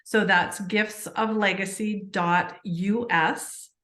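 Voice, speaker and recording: Here she speaks slowly in a mid-range voice, the room echoing around her. Chatting casually as a podcast guest, the woman tells stories about her book in an earnest, animated way full of fillers.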